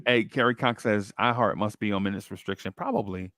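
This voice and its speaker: A man with a gravelly, creaky voice hosts a casual watch-along, reading out chat comments and calling the action as it unfolds. He jokes and teases his co-hosts. The sound is dry and close. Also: fairly low pitch, fairly quick, a bit bright, dry recording. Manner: teasing, calls plays as they happen. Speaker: podcast host reading chat.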